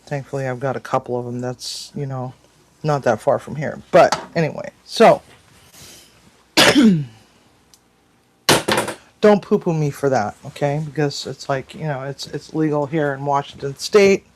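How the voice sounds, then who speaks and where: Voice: medium pitch, a little slow, pauses often, slight background noise. A cooking channel host telling a long personal story to viewers in a casual, rambling way, with frequent restarts and mild cursing.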